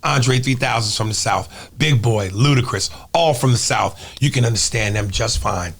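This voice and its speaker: Husky-voiced man, blunt and emphatic. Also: mid-range voice, normal speed, fairly bright tone. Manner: emphatic, blunt and profane when arguing. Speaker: guest comedian. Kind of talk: casual chat.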